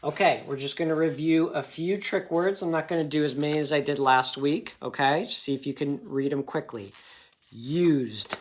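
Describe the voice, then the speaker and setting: A man's voice: a little high, steady tone, a little fast, few pauses. A man teaching a phonics lesson, patient and encouraging, checking in often with "okay?".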